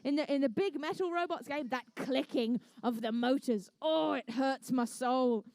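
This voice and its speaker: Kiwi woman calling a live comp, high voice, bubbly and jokey, dry close sound. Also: moderate pace, darkish tone, no echo. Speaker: event commentator and MC. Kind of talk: live competition commentary with playful banter.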